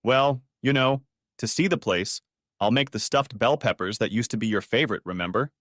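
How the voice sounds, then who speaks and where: A man's voice: mid-range voice, normal speed, fairly bright tone, dry recording, clean studio sound, natural voice. A man voicing a sneering, self-pitying ex-wife who puts on a false charm. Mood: sneering sweetness. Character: sneering, whiny woman, the hero's ex-wife.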